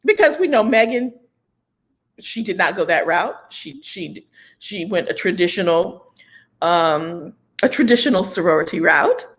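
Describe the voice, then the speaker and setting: A woman co-hosting a casual chat show, animated and quick to laugh, agreeing often. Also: fairly low pitch. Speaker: podcast co-host.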